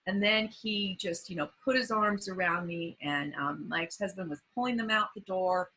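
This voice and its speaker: Earnest, husky woman telling her story. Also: lowish voice, bright, forceful tone, rough recording. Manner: halting, many fillers and restarts; earnest and emotional. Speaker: podcast guest. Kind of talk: personal recovery story.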